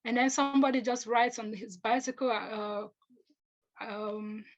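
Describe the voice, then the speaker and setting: A young woman from Africa telling personal stories as a panelist, earnest and halting, often restarting her sentences and acting out what others said. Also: a little high, fairly even intonation, muffled recording. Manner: earnest, halting, with restarts, acts out quoted speech.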